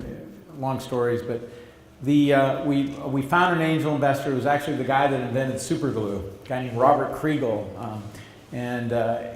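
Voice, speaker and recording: A man's voice: medium pitch, echoey room. A middle-aged man in an interview, telling a long story in a loose, conversational way, full of restarts and acted-out quotes. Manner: rambling with restarts, acts out quoted voices. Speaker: interviewee, entrepreneur. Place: stage or meeting room, event interview.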